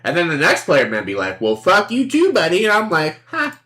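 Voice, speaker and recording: A woman's voice: lowish voice, wildly swooping pitch, a little fast, a bit bright. A woman streamer giving casual commentary on a card game, playful and sarcastic, acting out both sides of the table and swearing freely.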